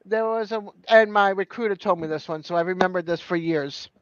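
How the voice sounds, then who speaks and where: A man's voice: sits high, brisk, fairly bright tone, clean tone, no room sound, dull audio. A man telling a joke on a live stream call, chatty and giggly. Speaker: caller telling jokes.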